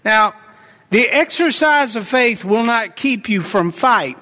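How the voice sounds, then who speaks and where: High-voiced man preaching in a reverberant hall. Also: sharp tone. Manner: emphatic, exhorting preacher, repeats declarations. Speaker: pastor. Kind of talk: sermon.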